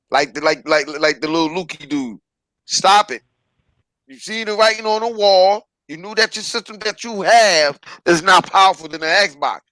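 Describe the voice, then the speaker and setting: High, bright-voiced man ranting. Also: no echo, rough recording. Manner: profane, preachy, repeats "stop it". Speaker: podcast host. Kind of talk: ranting podcast commentary.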